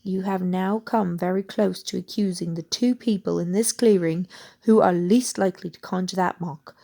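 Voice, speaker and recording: A woman's voice: lowish voice, steady tone, normal speed, gravelly, dark tone. A woman playing a cold, haughty senior male ministry wizard speaking with clipped anger.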